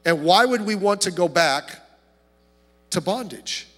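A man preaching a sermon as pastor, passionate and dynamic, dropping from loud emphasis to near-hushed asides, often repeating words as he goes. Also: high-pitched, expressive, a little slow, big-room sound. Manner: impassioned preaching, swings from loud to hushed, frequent repetitions.

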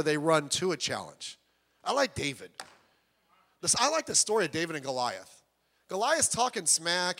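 Preacher guy, high voice, long echo in a big hall, acts out the voices he quotes. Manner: animated storytelling, acting out quoted voices. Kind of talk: sermon.

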